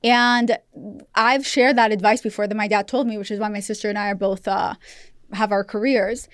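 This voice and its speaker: A Russian woman in her thirties, guesting on a podcast, shares candid personal stories in casual chat and laughs often. Her mid-range voice is smooth, with fairly even intonation and a moderate pace, recorded dry in a clean studio.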